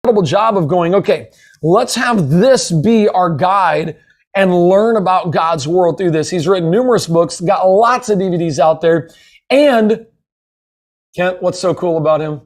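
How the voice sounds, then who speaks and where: A man hosts a webinar in a notably high voice. He is eager and effusive, and his praise tumbles out with plenty of "uh"s. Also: a little slow. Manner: eager and effusive, with many fillers. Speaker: webinar host. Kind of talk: upbeat guest introduction.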